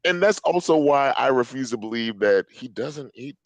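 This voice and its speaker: A man's voice: mid-range voice, animated, moderate pace, no echo, poor audio. A man chatting casually on a comics podcast panel, emphatic and crude, laughing often. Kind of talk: casual chat.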